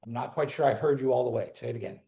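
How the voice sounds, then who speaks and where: A man's voice: medium pitch, very fast, vocal fry. A man teaching a calculus class live, walking students through each step and asking them questions as he goes. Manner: animated, talks students through steps with questions. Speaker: calculus lecturer.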